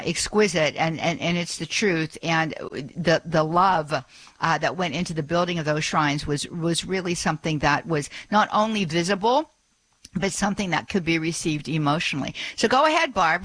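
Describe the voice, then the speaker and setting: A woman's voice: fairly low pitch, fairly bright tone, no echo, poor audio. A middle-aged woman hosting a call-in radio show, chatty and full of fillers and small laughs. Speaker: radio host.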